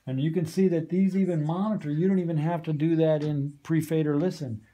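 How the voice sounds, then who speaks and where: A man's voice: on the high side, steady tone, fairly quick, mellow. A man training volunteers on a community radio studio's soundboard, patiently checking understanding as he goes. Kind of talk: hands-on training walkthrough.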